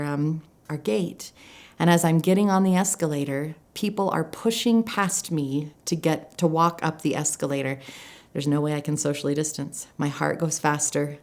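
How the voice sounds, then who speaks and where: A woman life coach telling a personal story in a reflective, earnest way, slowing down to stress her points. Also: low-pitched, darkish tone. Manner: reflective, earnest, slows down for emphasis.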